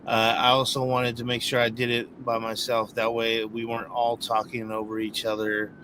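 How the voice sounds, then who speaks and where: A man hosting a casual interview show, eagerly cheering his guest on with quick hyped affirmations. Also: medium pitch, monotone, background noise. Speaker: host.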